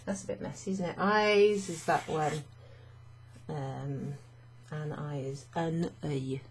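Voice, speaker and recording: A woman's voice: low-pitched, slow pace, a little hiss or hum. A woman teaching French vocabulary to learners, chatty and thinking aloud with fillers and frequent little laughs.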